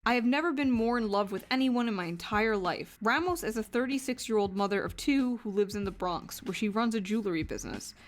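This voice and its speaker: A playful woman streamer reacts to clips with ironic jokes and reads articles aloud. Her voice sits a little high. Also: animated, a little fast, few pauses. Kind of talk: casual reaction commentary and reading aloud.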